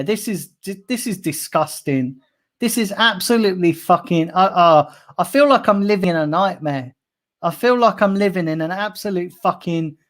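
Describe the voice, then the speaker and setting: Brief: young bloke, fan-channel host, livestream rant, fuming, heavy swearing, biting sarcasm. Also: male voice, high-pitched. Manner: angry, sweary, sarcastic ranting. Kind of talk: live-streamed fan rant.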